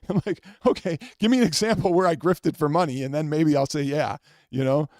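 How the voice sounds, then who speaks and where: A man's voice: on the high side, moderate pace, darkish tone, no echo, clean studio sound. Rambling, heated man telling a story. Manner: rambling, repeats words, gets heated and incredulous. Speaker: channel host. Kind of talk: casual storytelling rant.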